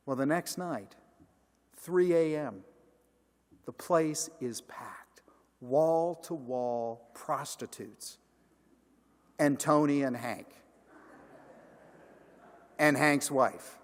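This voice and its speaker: A man's voice: on the high side, very slow, long pauses. A man in a large church, a senior pastor telling a story in his sermon and acting out each character. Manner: animated, acts out every character. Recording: long church reverb.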